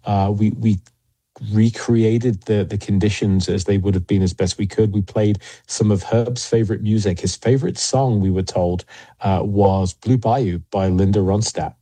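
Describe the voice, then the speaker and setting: A man as an interview guest, telling investigation stories in a measured way with frequent pauses and fillers. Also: lowish voice, fairly even intonation, warm tone, no room sound. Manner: measured, many fillers and restarts. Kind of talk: interview storytelling.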